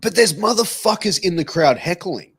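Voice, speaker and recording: Podcast host, matey and profane. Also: male voice, sits high, expressive, moderate pace, fairly bright tone, breathy edge. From Australia. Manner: matey, swears casually, says bro and dude. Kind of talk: casual interview.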